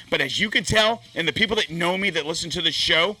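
A hoarse, middle-aged man rants at full fury, swearing through nearly every sentence. His voice is strikingly bright and cutting, pitched a little high for a man. It is recorded close and dry, with no room sound. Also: lively intonation, fairly quick, few pauses, no room sound. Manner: profane, furious ranting. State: hoarse, lost voice. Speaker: podcast host. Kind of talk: angry ranting monologue.

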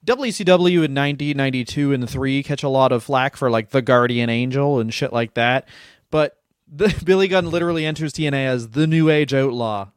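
A man co-hosting a comedy podcast, recapping stories in quick joking bursts and laughing often. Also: mid-range voice, no echo, clean studio sound. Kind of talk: casual comedic chat, recapping wrestling history.

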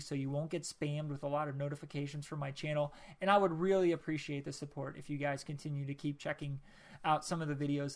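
A young man hosting his own podcast alone, rambling casually with lots of ums and jokes at his own expense. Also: fairly high pitch. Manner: rambling and self-deprecating, with many ums. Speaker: podcast host.

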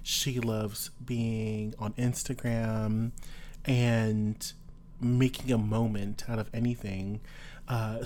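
A player introducing a new tabletop character in casual chat, halting and searching for words. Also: mid-range voice, darkish tone, slight background noise. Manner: halting, with many fillers and restarts.

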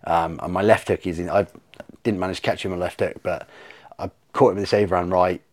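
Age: adult. Sex: man. Pitch: lowish. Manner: animated, swearing storyteller. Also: quick pace. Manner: animated, swears freely, acts out his own reactions. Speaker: podcast guest. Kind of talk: casual storytelling chat.

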